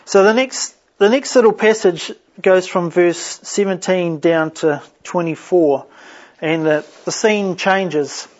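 A man leading a Bible study, reading scripture and explaining it in an unhurried way with frequent restarts. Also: high-pitched. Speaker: pastor. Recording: dull lo-fi sound.

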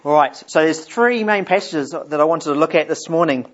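A man's voice: a little high, moderate pace. Man preaching a conversational sermon. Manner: conversational, repeats words while thinking. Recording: dull lo-fi sound.

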